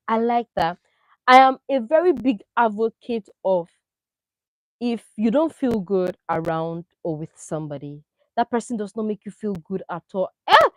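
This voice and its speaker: A woman doing casual, opinionated commentary on a reality show, animated and full of rhetorical questions. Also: a little high, normal speed, no room sound, rough recording. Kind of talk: casual chat.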